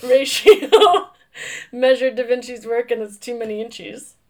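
A woman co-hosting a podcast, chatting casually and making deadpan jokes. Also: on the high side, unhurried, slight background noise. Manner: joking, deadpan asides. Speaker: podcast co-host. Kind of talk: casual chat.

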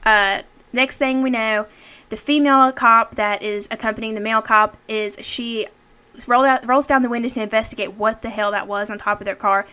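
A woman with a bright, forceful tone chats through a horror film plot in a relaxed podcast setting. She talks in a loose, filler-heavy way and slips into acted-out quotes from the characters. Her voice sits a little on the high side. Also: fairly quick, clear, resonant tone. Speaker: podcast co-host. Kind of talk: casual movie recap chat.

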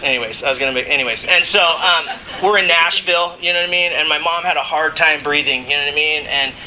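Bright-voiced man sharing his recovery story. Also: on the high side, fast, slight background noise, rough recording. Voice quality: emotional, laughs between lines. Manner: conversational storytelling, frequent "you know what I mean". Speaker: recovering alcoholic speaker. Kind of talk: AA share, speaking to a meeting.

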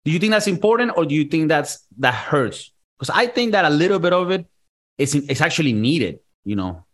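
A man's voice: fairly high pitch, very animated, brisk. Profane joking male podcast host. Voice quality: loose, profane, jokey delivery. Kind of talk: casual crude podcast banter.

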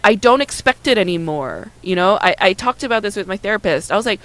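A woman's voice: mid-range voice, fast talker, poor audio. Candid woman telling a story. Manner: candid, animated storytelling with acted quotes; frequent "like" and "right?" fillers. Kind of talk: casual chat.

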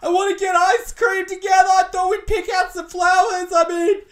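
A man voicing an upset young woman pleading with her boyfriend, shrill and overwrought. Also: flat delivery, normal speed, a bit bright, roomy sound. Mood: whiny, pleading.

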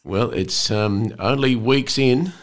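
A man's voice: medium pitch, slow. A man hosting a casual chat, asking questions with hesitations and fillers. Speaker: host. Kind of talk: casual radio interview.

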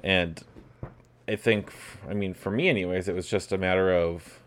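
A man who is the host's partner, speaking on a podcast in a halting way with many fillers and restarts. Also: low-pitched, fairly even intonation. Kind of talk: casual conversation.

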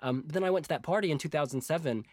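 An American man in his forties, a guest telling lively stories in casual chat and laughing often. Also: fairly high pitch, very fast. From United States. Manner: animated storyteller, laughing often.

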